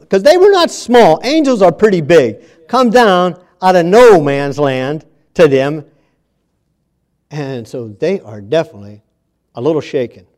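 A man preaching a sermon in a church, reading scripture and repeating key phrases with emphasis, moving between hushed and loud passages. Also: on the high side.

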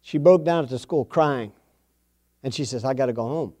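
A middle-aged man with a slightly mellow, medium-pitched voice preaches at a normal speed. His sermon centers on a homespun family story, told folksily with emphatic repetition of phrases.

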